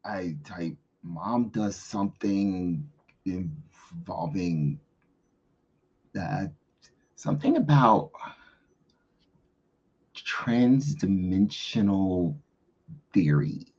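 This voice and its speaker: A man playing a tabletop game, answering slowly and hesitantly. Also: deep voice, expressive, darkish tone, slightly rough. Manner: slow, hesitant, with laughs. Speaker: player. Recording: dull lo-fi sound.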